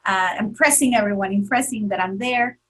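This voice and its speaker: Earnest, emotional woman, slightly husky. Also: medium pitch, fairly quick, a bit bright, poor audio. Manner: earnest, emotional, many fillers and restarts. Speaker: interview guest. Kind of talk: emotional personal story in an interview.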